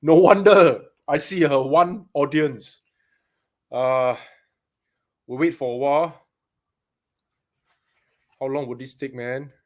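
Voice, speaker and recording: A man's voice: mid-range voice, slow, long pauses, darkish tone. A man from Singapore with a Singaporean English accent, hosting a casual live stream from a paintball shop, chatty and greeting viewers by name.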